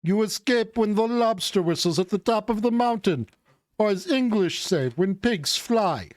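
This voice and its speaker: A man voicing a gruff, blunt ship officer in a put-on Russian accent while reading a game aloud. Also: sits high, animated, normal speed, a little mellow, no echo, studio quality. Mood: stern.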